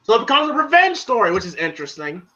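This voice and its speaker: A movie reviewer giving a casual spoken review, excitable and profane, retelling scenes in long run-on recaps. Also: medium pitch, quick pace, highs cut off.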